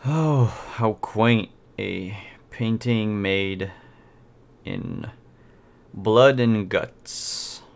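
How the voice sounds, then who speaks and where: A man voicing a haughty, condescending male art buyer in a tabletop game, drawling slowly. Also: on the low side, expressive, vocal fry, heavily acted.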